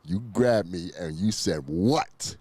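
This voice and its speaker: A man hosting a casual interview, relaxed and slangy, hyping up his guest. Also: sits low, fast, no room sound. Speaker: interview host.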